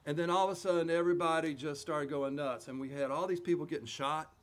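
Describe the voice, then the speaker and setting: A man's voice: on the high side, steady tone, fast. A man preaching a conversational Easter sermon as a pastor, retelling scripture in a folksy, chatty way.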